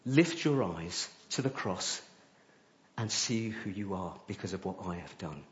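A man voicing a gentle, loving male spirit who speaks softly to a struggling believer, in a sermon. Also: high voice, very animated, unhurried, reverberant, dull audio. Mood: tender.

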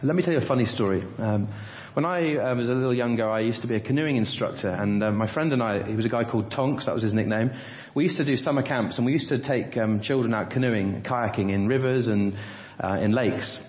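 A man's voice: medium pitch, fairly quick, darkish tone. A man preaching a sermon, telling a story and then asking the congregation rhetorical questions. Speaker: pastor. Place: church. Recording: roomy, dull church recording.

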